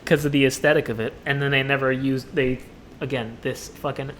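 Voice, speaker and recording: A man with a mid-range voice hosts a casual podcast conversation, trading jokes and teasing. A faint low rumble runs under the recording. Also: fairly even intonation, a little fast, fairly bright tone. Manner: playful, joking back and forth. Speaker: podcast host. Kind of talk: casual chat.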